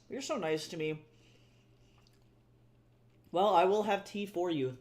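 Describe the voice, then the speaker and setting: This young man's voice is high and a bit dark, his delivery slow with long pauses. He's live-streaming his art and reading the chat, talking loosely to viewers, putting himself down, swearing freely, and laughing easily.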